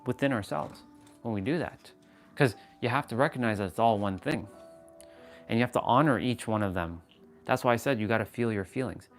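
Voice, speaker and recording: A man hosting a fitness livestream, talking casually and frankly about feelings and self-growth, with swearing and many restarts. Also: medium pitch.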